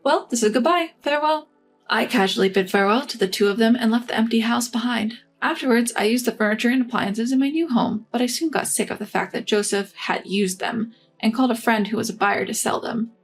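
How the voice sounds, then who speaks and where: Female narrator, scripted story read, calm and even, slightly high voice. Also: brisk, faint music behind.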